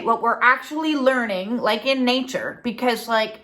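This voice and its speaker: A woman with a fairly high voice gives a relaxed spiritual teaching talk to her viewers. She is blunt and chatty, swears casually, and keeps checking in with "okay?" as she goes. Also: normal speed. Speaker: spiritual coach.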